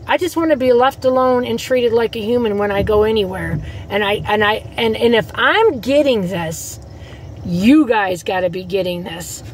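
A woman vents to her viewers in a casual vlog, blunt and fired up, with swearing slipping in. Her voice sits a little high. A faint noise runs under the recording, as if she is talking from a car. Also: a little mellow, poor audio. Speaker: vlogger.

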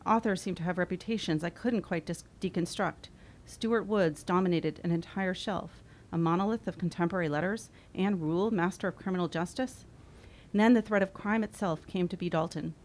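A woman in her forties reading her own memoir aloud, wry and expressive. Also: fairly low pitch, fairly quick. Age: 40s. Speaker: author.

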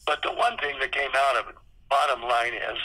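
A man's voice: mid-range voice, steady tone, a little fast, sharp tone, rough recording. A man in his eighties, a guest on a podcast interview, candidly telling salty stories and acting out old conversations. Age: 80s. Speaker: podcast guest, retired theme park designer. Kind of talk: anecdotal storytelling in an interview.

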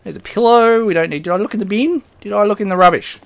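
Gamer guy narrating his playthrough, kinda high and gravelly, rambles and chuckles a lot, talks to himself. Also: fast, dry recording. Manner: rambling, self-talking, chuckles often. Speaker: gaming host. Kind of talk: casual let's-play commentary.

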